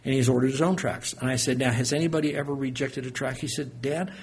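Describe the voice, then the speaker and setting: A middle-aged man preaching a sermon, telling stories in a folksy, animated way that swings from loud to soft. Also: mid-range voice, quick pace, slightly rough. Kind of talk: sermon with storytelling.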